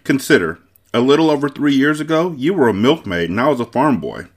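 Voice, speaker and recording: A man's voice: mid-range voice, big pitch swings, a little fast, pitched above the performer's own voice. A man playing an earnest young storybook hero. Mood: reassuring. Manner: urgent, earnest. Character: young hero, brave and determined.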